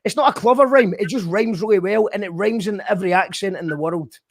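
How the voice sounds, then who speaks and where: A man hosting a casual live stream, excitable and given to swearing and shouting when thrilled. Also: high voice, fast, dry recording. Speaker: host of a live stream show.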